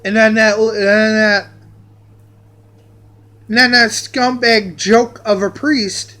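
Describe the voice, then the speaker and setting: A man's voice: high-pitched, steady tone, pushed and bright. A man telling a rambling personal anecdote straight to the camera. He swears a lot and keeps repeating his phrases. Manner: profane, repeats phrases, drawn-out. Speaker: vlogger telling a personal story.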